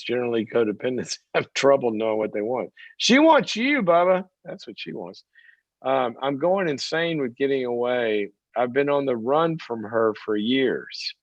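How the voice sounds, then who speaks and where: A man's voice: medium pitch, no echo. A middle-aged man hosting a call-in advice show, telling stories and acting out the voices of the people in them. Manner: animated storytelling, acts out quoted voices. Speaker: talk show host and psychologist. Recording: dull dry close mic.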